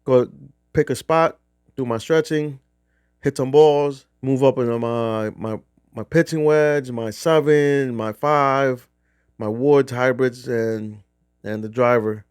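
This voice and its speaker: A man's voice: medium pitch, fairly even intonation, slow pace, clean tone, no room sound, clean studio sound. A middle-aged man from New Jersey casually telling a rambling, profane golf trip story. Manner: rambling, profane, restarts often. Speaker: golf vlogger.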